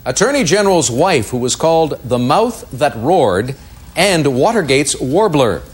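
Husky quiz show host, lively pitch. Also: male voice, unhurried. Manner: reads clues crisply, brief verdicts. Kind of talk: game show hosting, reading clues.

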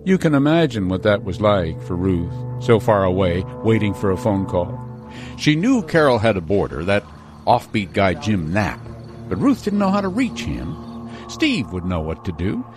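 A man narrating a news story in a dramatic, measured way. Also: lowish voice, sing-song, a little mellow. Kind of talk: scripted narration. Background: music.

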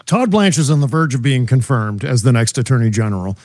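A man co-hosting a casual political chat, giving measured, emphatic commentary. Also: medium pitch, sing-song, darkish tone, no echo, clean studio sound. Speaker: podcast co-host.

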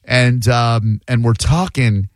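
A man's voice: medium pitch, fairly even intonation, takes it slowly, no echo. A man hosting a radio show with casual banter, sarcastic and teasing. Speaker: radio host.

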